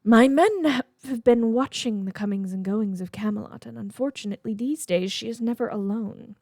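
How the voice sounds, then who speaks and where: A calculating noblewoman sorceress from a fan story, voiced by a woman reading aloud murmurs her plans slowly, almost in a whisper. She sounds a little distant from the mic, with no room echo around her. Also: fairly high pitch, dark tone. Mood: cold. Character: scheming noblewoman sorceress, cold and deliberate.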